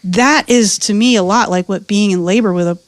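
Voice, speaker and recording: A woman who is a comedian and doula, telling life stories in a casual podcast chat, animated and profane, slipping into voices. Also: mid-range voice, brisk, dry recording.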